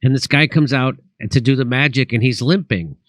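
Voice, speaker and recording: A man's voice: medium pitch, moderate pace, no echo. A man who is a comedian and host, telling rambling comic stories in casual chat, full of restarts and acted quotes.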